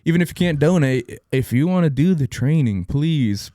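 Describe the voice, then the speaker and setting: Soft-spoken interview guest man, mellow. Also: fairly high pitch, expressive, normal speed, no room sound. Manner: soft-spoken, brief agreeing replies. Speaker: guest, veterans nonprofit program manager. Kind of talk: interview answers.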